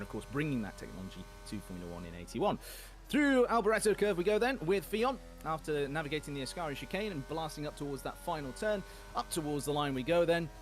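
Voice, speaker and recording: A man calls a sim race in a chatty, self-deprecating way, filling pauses with frequent fillers. His voice sits at an ordinary pitch. Faint music runs quietly underneath. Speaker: sim racing commentator. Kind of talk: esports race commentary.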